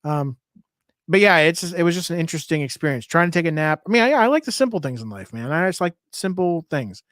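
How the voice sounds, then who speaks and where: A man's voice: a little high, lively intonation, fast, fairly bright tone, no room sound, studio quality. A man co-hosting a podcast, chatting casually and telling easygoing travel stories. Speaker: podcast co-host.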